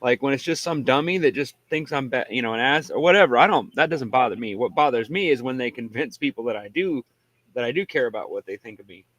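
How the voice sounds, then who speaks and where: A man's voice: mid-range voice, lively intonation, fast, a bit bright. A man co-hosting a casual stream, joking around and swearing freely. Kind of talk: casual chat.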